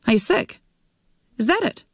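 A woman's voice: normal speed, no echo, studio quality, lightly acted. Woman reading as a bitter grown son. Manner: bitter, accusing. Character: resentful grown son, young man.

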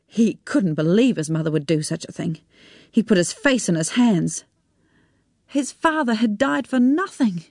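Woman reading a story aloud, slow and steady, dry close mic. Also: medium pitch, no room sound. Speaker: narrator. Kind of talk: audiobook narration of a drama.

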